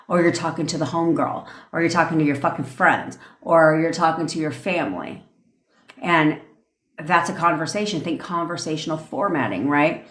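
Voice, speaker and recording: Low-voiced woman coach ranting on a live, swears a lot, echoey room. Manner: blunt, profane, conversational; acts out tones of voice in examples. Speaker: manifestation coach. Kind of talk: livestream rant.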